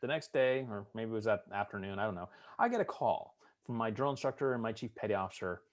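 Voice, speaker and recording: A middle-aged man with a fairly low voice tells his stories in a relaxed interview. He is good-humored and likes to act out the voices of the people in them. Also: quick pace. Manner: humorous storyteller, acts out drill instructor voices. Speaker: veteran interviewee. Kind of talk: storytelling interview.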